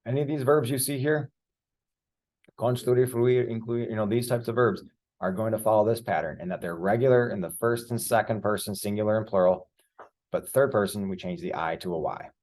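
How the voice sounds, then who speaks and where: A man's voice: on the low side, brisk, darkish tone. A man teaching Spanish verb conjugation, patiently explaining and spelling out letters one by one. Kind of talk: explaining grammar at a board.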